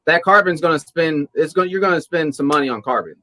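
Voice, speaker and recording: A man hosting a casual podcast, relaxed and repeating himself to stress a point. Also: on the high side, fast talker, no echo. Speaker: podcast host.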